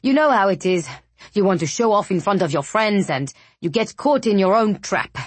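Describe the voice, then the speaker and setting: A woman voicing a gruff, guarded male office colleague in an audiobook, speaking hesitantly and sheepishly. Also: mid-range voice, expressive, normal speed, no echo, natural voice. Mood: apologetic. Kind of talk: audiobook character voice.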